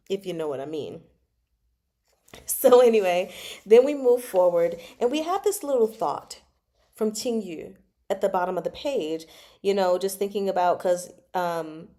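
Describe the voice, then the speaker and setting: A woman hosts a casual book chat, wandering off on tangents and laughing as she goes. Her voice is soft and mellow, and her pitch sits right in the middle. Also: animated, moderate pace. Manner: chatty, digressive, laughs often. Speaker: book club host. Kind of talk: casual chat about a novel.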